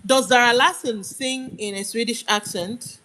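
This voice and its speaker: A young Nigerian woman, speaking with a Nigerian accent, argues emphatically in a heated live-stream rant and presses her points hard. Her slightly high, sharp voice runs a little slow, and the rough recording has slight background noise.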